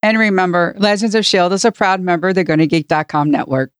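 A woman's voice: on the low side, fairly even intonation, fast talker, clean tone, no room sound, studio quality. A woman co-hosting a podcast in casual chat, light and conversational. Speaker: podcast co-host.

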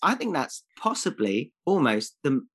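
A man's voice: on the high side, sing-song, measured pace, fairly bright tone. A man co-hosting a comedy podcast, answering with defensive, sarcastic jokes. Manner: defensive, sarcastic jokey replies. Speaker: podcast co-host.

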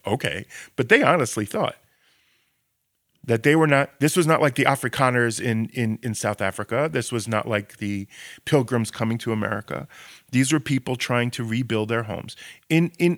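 A man's voice: medium pitch, a bit bright, no echo, clean studio sound. A man co-hosting a podcast discussion as an educator. He argues with passion, uses sarcastic rhetorical questions and often restarts his words as he builds a point. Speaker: Israel educator and podcast co-host.

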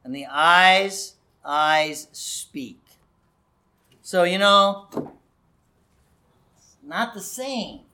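A man's voice: high-pitched, expressive, very slow, pauses often, pushed and bright. A middle-aged male pastor giving an earnest, conversational sermon that builds to raised emphasis.

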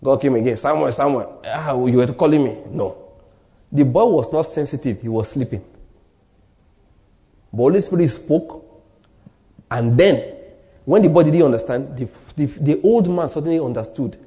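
A man's voice: mid-range voice, animated, moderate pace, long pauses, dark tone. A man with a Nigerian accent preaching a sermon as pastor, emphatic and repeating his key lines, sometimes dropping almost to a whisper.

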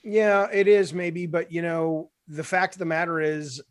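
Animated man, slightly higher voice. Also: unhurried, dry recording, studio quality. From Alabama. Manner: animated, profane, acts out quotes. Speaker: game developer guest. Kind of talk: casual conversation.

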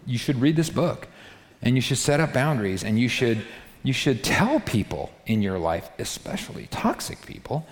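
A man's voice: mid-range voice, big pitch swings, moderate pace. A man preaching a sermon to a live congregation, talking straight to them in an emphatic, repetitive way. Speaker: pastor. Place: large hall before a live congregation. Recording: long hall reverb.

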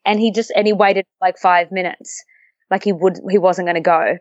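A young woman, a guest telling a story in a relaxed, chatty way, often laughing and acting out the voices of the people in it. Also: on the low side, moderate pace, dry recording, muffled recording. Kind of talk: casual storytelling interview.

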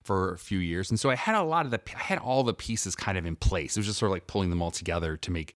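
A man with a lowish voice talks through improv in a relaxed podcast chat. He is animated and jumps into quick character voices to show his examples. The sound is dry and close to the mic. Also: no echo. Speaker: improv teacher and guest. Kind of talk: casual podcast conversation.

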